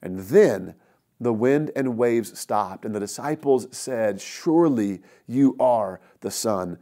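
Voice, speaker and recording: A male pastor preaching a sermon in a conversational, earnest way, often swinging between loud emphasis and quiet, drawn-out phrases. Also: medium pitch, expressive.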